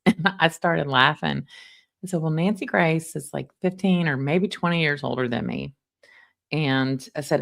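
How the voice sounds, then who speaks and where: A middle-aged woman, chatting casually with livestream viewers in an animated, storytelling way. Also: low-pitched, measured pace, creaky. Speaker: livestream host recapping a trial. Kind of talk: casual chat with live viewers.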